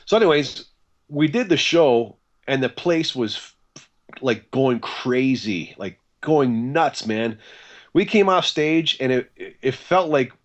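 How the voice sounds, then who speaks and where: A man, a guitarist being interviewed, telling stories in a casual, animated way and acting out the dialogue he quotes. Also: mid-range voice, slow pace, dull audio. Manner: animated, acts out quoted dialogue, chatty with fillers. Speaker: guest guitarist.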